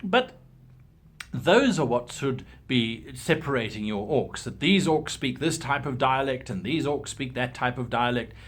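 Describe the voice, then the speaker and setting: A man's voice: medium pitch, a little slow, breathy edge. A man giving game-master tips in a casual, opinionated talk, acting out examples as he goes. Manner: animated, opinionated, acts out examples.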